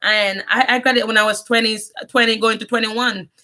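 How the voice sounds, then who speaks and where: In a casual vlog, a young woman with a strong Jamaican accent rambles through her life story, mixing in patois and often beginning sentences again. Her fairly quick delivery is high-ish, bright and forceful, with fairly even intonation.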